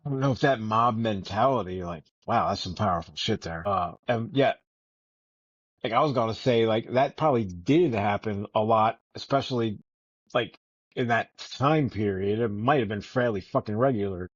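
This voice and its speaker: A man's voice: lowish voice, normal speed, dry recording. A man co-hosting a podcast about a novel, joking and swearing as he rambles through the discussion. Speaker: podcast co-host. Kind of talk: casual book-club chat. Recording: dry, dull lo-fi podcast audio.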